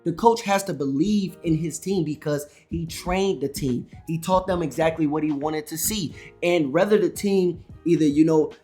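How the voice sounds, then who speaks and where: A man's voice: fairly high pitch, moderate pace, soft background music. A man who runs a trading channel, talking to camera in a loose, rambling way, full of "all right" and "you know" and restarts, a little wired after a big coffee. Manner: energetic, rambling, self-correcting, says "all right" and "you know" a lot. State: amped up on coffee. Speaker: day trading YouTuber. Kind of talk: casual to-camera trading advice.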